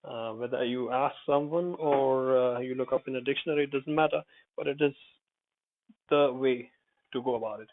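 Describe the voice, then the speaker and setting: A man's voice: medium pitch, fairly even intonation, normal speed. A man teaching English pronunciation in an unscripted lesson, hesitant, with many fillers and self-corrections. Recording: tinny phone-like audio.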